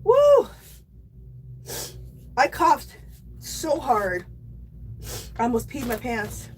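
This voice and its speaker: An American woman hosting a casual yarn giveaway livestream, chatty and loudly exclamatory as she talks to her viewers. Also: a little high, lively intonation, slow pace, a little hiss or hum. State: coughing and teary after choking on water. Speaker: livestream host giving away yarn.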